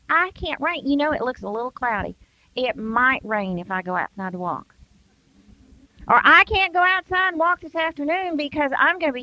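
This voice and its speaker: An older woman from the US speaks in a sharp, high-pitched voice during an emphatic Christian devotional, performing everyday excuses in quoted voices. The recording is dull and dry, with no room sound.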